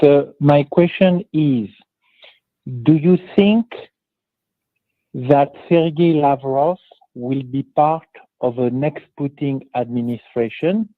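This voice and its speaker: A man phones in a question, speaking slowly in a put-on French accent. His voice sits a little high. It comes through a thin, tinny phone line. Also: no echo. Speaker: caller.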